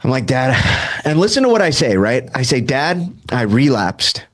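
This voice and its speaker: In a brisk, sing-song, mid-range voice, a Southern Californian man in his thirties tells how he recovered, keeping it casual and self-mocking. Fillers abound, and he performs the quoted dialogue.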